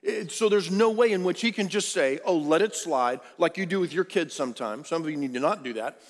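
A male pastor preaching a sermon emphatically, swinging from loud peaks down to hushed low lines. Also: fast. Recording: long hall reverb.

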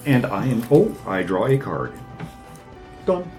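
A man's voice: mid-range voice, very animated, takes it slowly, a little mellow, soft background music. A man playing a tabletop card game with friends, reading his cards aloud, joking and swearing playfully. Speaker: player. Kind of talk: casual tabletop game play.

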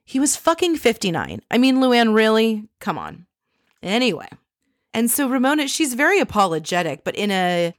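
A woman tells a reality-show recap in a chatty, gossipy way, swearing casually as she goes. She jumps in and out of quoted voices with plenty of pitch movement. The sound is close and dry, with no room around it. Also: big pitch swings, normal speed, dry recording.

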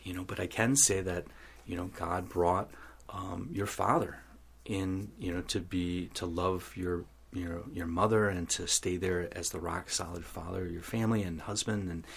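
Interview guest, male, deep husky voice, earnest storyteller who acts out dialogue. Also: fairly even intonation, normal speed. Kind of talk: telling a personal faith story.

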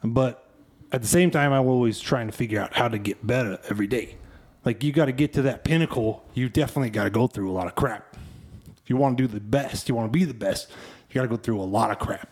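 A man's voice: medium pitch, quick pace, darkish tone. Reflective male podcast host. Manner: reflective, searching for words. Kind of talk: casual chat.

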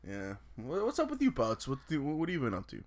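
A man's voice: medium pitch, huge pitch swings, fairly quick. A young man co-hosting a podcast, chatting casually with crude jokes and teasing. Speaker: podcast co-host. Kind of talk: casual chat.

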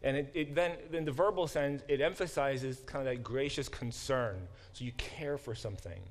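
With a mid-range voice, this lecturer in biblical studies teaches a class, breaking down Hebrew words as he goes and delivering quotations with theatrical emphasis.

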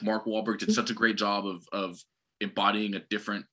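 A man's voice: fairly low pitch, level tone, brisk, a bit bright. A man co-hosting a casual podcast about movie trailers, talking in a rambling, sardonic and opinionated way. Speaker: podcast co-host.

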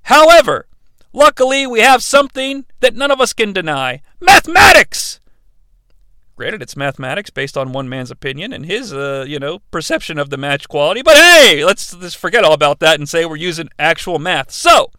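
A man hosting a comedic wrestling podcast, ranting sarcastically with animated delivery and the odd shout for emphasis. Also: high voice, clear, resonant tone, no room sound. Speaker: podcast host.

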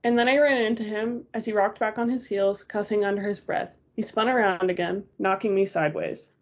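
A woman reads a first-person novel as an audiobook in a steady, measured way. Her voice is husky and breathy, at a middle pitch for a woman, and the recording sounds dull and lo-fi. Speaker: audiobook narrator.

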